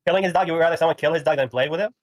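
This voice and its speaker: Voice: medium pitch, racing, dry recording. A caller with a fake Indian accent in a heated argument, insistently repeating the same questions. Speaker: caller in a debate.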